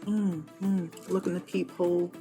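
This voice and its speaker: A woman's voice: lowish voice, flat delivery, measured pace, warm tone, soft background music. A woman playing a tabletop game, eager and playful. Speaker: player.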